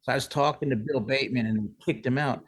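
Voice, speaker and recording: A man's voice: medium pitch, quick pace, husky, poor audio. A man in his sixties, a musician guest, telling long rambling stories in a casual interview. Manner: rambling anecdotes, many restarts and "like".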